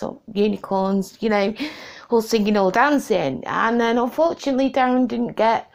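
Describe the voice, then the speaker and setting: A woman's voice: medium pitch, creaky. A woman answering interview questions about her family at home, hesitant and full of ums, emotional at times. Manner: hesitant, many ums, emotional and laughing through tears. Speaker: interviewee, wife of the video maker.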